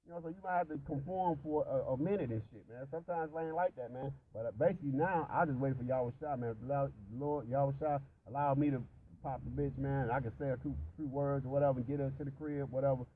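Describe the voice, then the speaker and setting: Casting: man, dark mellow tone, rambling profane storyteller, faint noise behind. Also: mid-range voice, fast, rough recording. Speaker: religious discussion participant. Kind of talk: casual profane chat about scripture.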